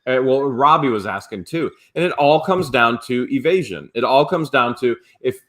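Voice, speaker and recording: Bright-toned rambling guy. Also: medium pitch, animated, normal speed. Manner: opinionated, rambling explainer. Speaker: co-host of a live reseller show. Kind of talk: casual chat.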